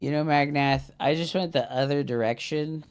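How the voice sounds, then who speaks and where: A man's voice: on the high side, normal speed, clean tone. A man streaming a strategy game, talking casually to his chat, swearing and venting frustration while explaining his build. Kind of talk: casual livestream talk over gameplay.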